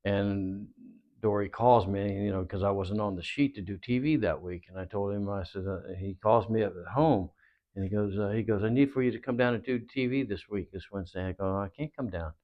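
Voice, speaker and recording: A man's voice: on the low side, brisk. A man guest telling long wrestling-career stories in an interview, rambling with many fillers and acted-out dialogue. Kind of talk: storytelling interview. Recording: dull lo-fi audio.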